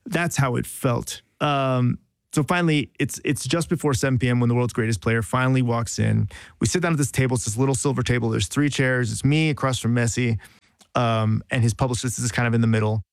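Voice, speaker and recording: A man's voice: medium pitch, steady tone, brisk, creaky, dry recording, studio quality. Self-mocking man telling a rambling anecdote. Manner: self-deprecating, rambling storytelling with restarts. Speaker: journalist telling a story. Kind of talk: casual podcast anecdote.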